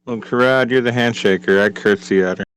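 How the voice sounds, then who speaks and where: A man's voice: fairly low pitch, brisk, a bit bright, smooth, no echo, poor audio. A man playing a tabletop game, chatting casually and describing his character's actions. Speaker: player.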